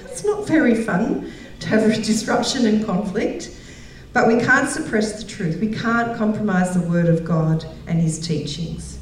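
At a women's gathering, a middle-aged woman preaches a sermon in a medium-pitched voice at a measured pace, telling stories, often laughing and acting out the voices of the people she quotes. She is recorded from a distance in a very echoey hall.

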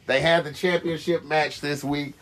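A man's voice: a little high, fairly even intonation, normal speed, a bit bright. A man hosting a casual wrestling podcast, talking emphatically and teasing his co-host.

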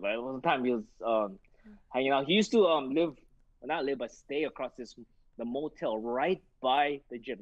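A man's voice: medium pitch, slightly rough, dry recording. A man, a boxing trainer and guest, telling stories in a casual interview and acting out the voices of the people in them. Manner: animated, acts out quoted voices, many fillers. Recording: dull muffled lo-fi sound.

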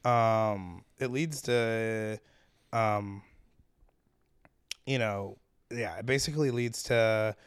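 Smooth-voiced man explaining on a podcast. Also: fairly low pitch, extremely slow, pauses often, no echo, studio quality. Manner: explanatory, steady, hedges with ums. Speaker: podcast co-host. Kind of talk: casual chat.

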